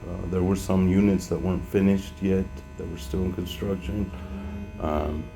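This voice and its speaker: A man telling his personal testimony in an unscripted, halting way, with many fillers and restarts, at times growing emotional. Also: sits low, little pitch movement, gravelly, over music. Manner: becomes emotional, voice rising. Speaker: former truck driver giving a testimony. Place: home in Mexico.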